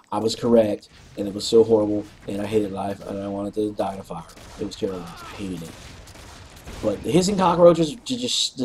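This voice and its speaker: Mellow-voiced man telling a rambling story. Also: mid-range voice, a little hiss or hum. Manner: rambling and animated, frequent throat-clearing and swearing. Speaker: co-op gaming channel host. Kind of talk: casual storytelling.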